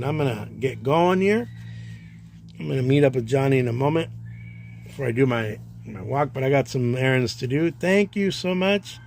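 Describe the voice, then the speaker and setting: A man hosting a casual livestream, chatting in a relaxed way and talking to himself as he sorts baseball cards. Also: medium pitch, a little hiss or hum. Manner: relaxed, chatty, talks to himself while sorting. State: tired, yawning. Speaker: livestream host, card collector. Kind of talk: casual livestream chat while sorting cards.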